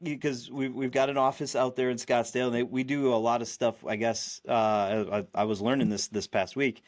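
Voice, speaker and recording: A podcast co-host rambles through a casual chat with many restarts and fillers. His male voice is medium in pitch with fairly even intonation, and he speaks at a normal speed.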